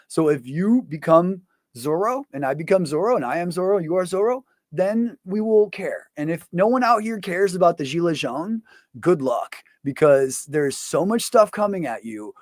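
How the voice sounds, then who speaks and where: Man, higher-pitched, dry sound, rambling, swearing, casual monologue. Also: dry recording. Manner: profane, rambling, full of fillers. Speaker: show host.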